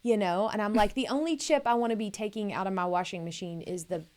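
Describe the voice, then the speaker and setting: A woman in her thirties co-hosting a casual podcast, talking in an animated, enthusiastic way with quick asides. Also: mid-range voice. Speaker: podcast co-host. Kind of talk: casual chat.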